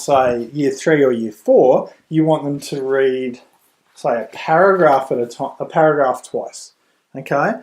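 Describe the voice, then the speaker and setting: A middle-aged man, a reading tutor and parent, explaining at home in a relaxed way with a few restarts. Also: mid-range voice. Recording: roomy echo.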